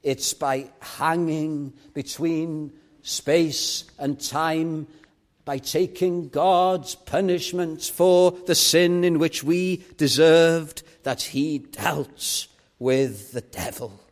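A Welsh preacher delivers an evangelistic sermon. His voice sits a little high. He pleads with his listeners and drives home his points with emphatic repetition. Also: steady tone, drawn-out words.

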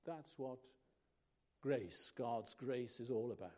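A man preaching a sermon, slow and emphatic, pausing between phrases. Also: medium pitch, mellow.

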